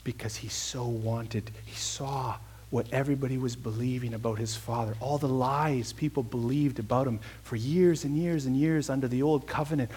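A man's voice: medium pitch, steady tone, moderate pace, few pauses, a little mellow, slight background noise. A man preaching a conversational sermon, telling a personal story with earnest emphasis and then leading a prayer.

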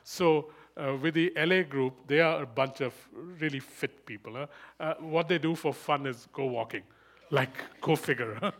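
This preacher's voice sits slightly high for a man as he addresses a live congregation at a moderate pace. His sermon weaves in personal anecdotes with lively humour and frequent laughter, and he repeats his key lines to drive them home.

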